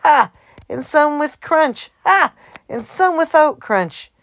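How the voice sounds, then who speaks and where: A woman voicing an easygoing male truck driver who breaks into high bursts of laughter. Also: fast talker, darkish tone, lightly acted. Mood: laughing.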